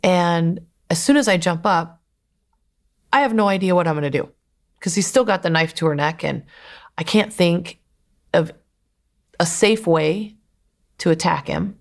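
A woman's voice: fairly low pitch, measured pace, gravelly, long pauses. A woman who survived an attack, telling her story in urgent present tense. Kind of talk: recounted personal testimony.

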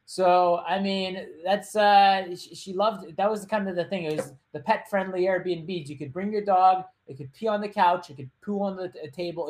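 A man hosting his own show, casually retelling a true crime story with joking asides and loose, rambling phrasing. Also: sits high. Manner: chatty, loose, with joking asides and quick put-on voices. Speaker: podcast host.

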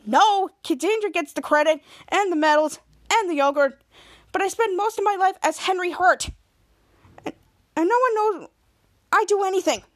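A woman's voice: very high-pitched, normal speed, long pauses, no room sound, voice pushed up. A woman voicing a jealous teenage boy, a superhero sidekick, in a whiny, indignant way.

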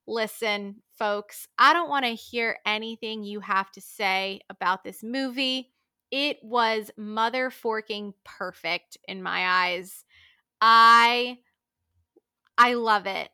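A woman in her twenties hosting a casual solo podcast, gushing and animated, full of fillers and little laughs. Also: fairly high pitch, slow pace, clear, resonant tone, dry recording, clean studio sound. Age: 20s. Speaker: podcast host.

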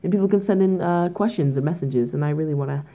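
Teen Canadian girl, low-voiced, goofy solo podcast host, rambling, phone-quality audio. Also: fast talker, warm tone. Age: teens. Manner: goofy, rambling, mock-dramatic. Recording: tinny phone-like home mic.

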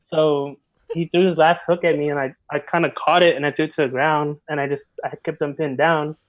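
A man guest on a podcast, telling a story in casual chat, animated and full of slang and filler words. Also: on the high side, fairly quick, no room sound, muffled recording. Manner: animated, heavy slang, many filler likes.

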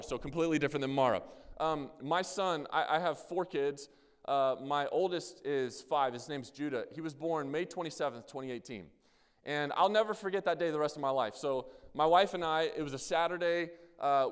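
A pastor in his thirties preaches in a casual, chatty way, cracking small jokes at his own expense. His voice sits a little high and comes through clean. The sound carries a long reverb from a large hall. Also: clean tone. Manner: casual, chatty, self-deprecating. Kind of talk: sermon with storytelling.

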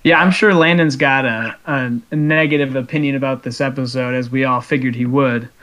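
A young man co-hosting a casual podcast, telling stories excitedly and laughing as he goes. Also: medium pitch, brisk. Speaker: podcast co-host. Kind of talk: casual chat.

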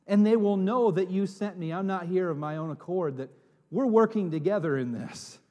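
A man preaching a sermon as pastor, swinging from hushed, drawn-out words to loud, dramatic calls. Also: sits high. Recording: long reverb in a hall.

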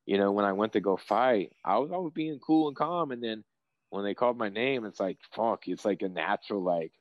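A man's voice: on the low side, a little fast, dry recording, dull audio. Dry, profane young man telling fight stories. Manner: profane, rambling, excitable storytelling. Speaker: professional fighter guest. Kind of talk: casual interview chat.

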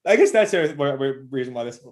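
A man's voice: medium pitch, fast talker. A man co-hosting a movie recap podcast, chatting casually and cursing often, acting out the characters' lines as he retells scenes. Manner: profane, animated retelling with quoted voices. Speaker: podcast co-host.

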